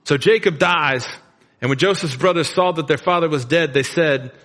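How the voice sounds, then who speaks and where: A middle-aged male pastor preaching in a loose, everyday way, as if chatting with the congregation. His voice sits a little higher than most men's. It carries a long reverb, as in a big sanctuary. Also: moderate pace, a bit bright. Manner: casual, conversational storytelling with plain slang. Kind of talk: sermon. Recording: long reverb of a large room.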